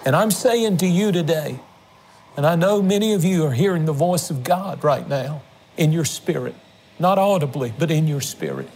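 A man's voice: a little high, animated, normal speed, darkish tone, slight background noise. A man hosting a religious television program, making an earnest, emotional fundraising appeal to viewers. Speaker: television ministry host. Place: on location.

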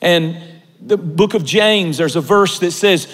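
A man with a high voice preaches a slow, deliberate sermon that swings from a hush to a shout. His words ring out with a long reverb in a large church sanctuary. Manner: dramatic swings from soft hush to shouted emphasis.

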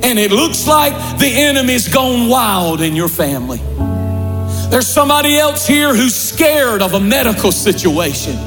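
A male pastor preaching a sermon in a large church, building to shouts and slowing for dramatic pauses. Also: extremely high pitch, sing-song. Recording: large hall reverb with faint music.

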